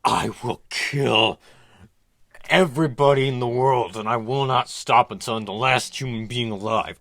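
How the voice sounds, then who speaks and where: A man voicing a ten-year-old boy villain who rants threats slowly and deliberately. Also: medium pitch, fairly bright tone, dry recording. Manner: slow, deliberate, ranting threats.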